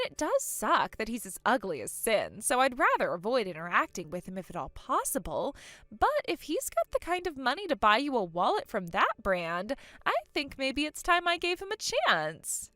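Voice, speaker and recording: Casting: a woman playing a spoiled, mocking younger sister, high bright voice, lots of bounce. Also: no echo. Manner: gloating, taunting, giggly. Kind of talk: acted story dialogue.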